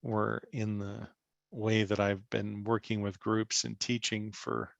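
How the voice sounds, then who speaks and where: A man leading an online spiritual class over a video call, speaking gently and slowly while searching for his words. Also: lowish voice, flat delivery, vocal fry, dry recording. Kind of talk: reflective teaching talk.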